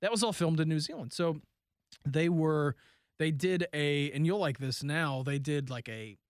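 Guy cohosting a soccer podcast, kinda high voice, rambles along with lots of likes, dry close mic. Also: unhurried, clean tone, dry recording. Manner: rambling storyteller, lots of "like" and "you know". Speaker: podcast co-host. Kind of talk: casual chat.

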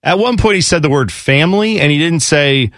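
A man's voice: fairly high pitch, fairly quick, no echo, clean studio sound. A man co-hosting a sports radio talk show, chatting casually and joking around in mock accents. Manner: animated, jokey, throws in mock accents.

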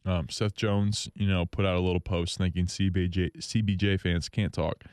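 A man hosting a solo hockey talk show from a station studio, rambling, excitable and jokingly bitter. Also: deep voice, normal speed, clear, resonant tone, no echo. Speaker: hockey podcast host.

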